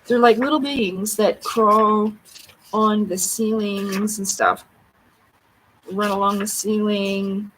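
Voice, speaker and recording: Woman, flustered livestream host, muttering aloud, mid-pitched voice, audible background noise and clicks. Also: steady tone, takes it slowly, low-quality recording. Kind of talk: unscripted livestream talk to herself while searching a book.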